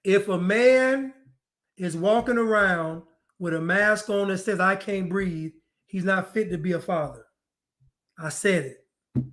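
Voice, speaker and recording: High-voiced man with a mocking preachy edge. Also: slow pace, pauses often, a bit bright. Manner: preachy and mocking, acts out other people's lines; repeats phrases for emphasis. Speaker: commentator. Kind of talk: monologue commentary.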